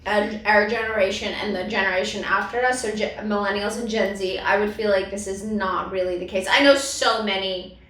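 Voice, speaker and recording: A woman's voice: mid-range voice, fairly even intonation, a little fast, a bit bright, reverberant, far from the mic, rough recording. A woman from the US East Coast co-hosting a comedy podcast, giving frank, judgmental opinions in casual chat. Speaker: podcast co-host.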